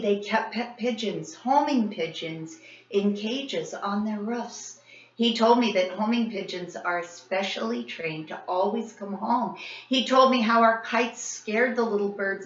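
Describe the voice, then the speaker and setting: Female teacher, expressive children's read-aloud; echoey, slightly muffled recording. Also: medium pitch. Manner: expressive, animated storytelling. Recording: roomy, slightly dull sound.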